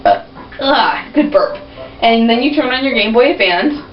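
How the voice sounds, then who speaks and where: A woman's voice: on the high side, lively intonation, normal speed. A young woman chatting casually and rambling as she narrates a video game. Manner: chatty, rambling, self-deprecating. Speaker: gameplay narrator. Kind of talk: casual gameplay commentary. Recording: roomy, distant, dull, with game music.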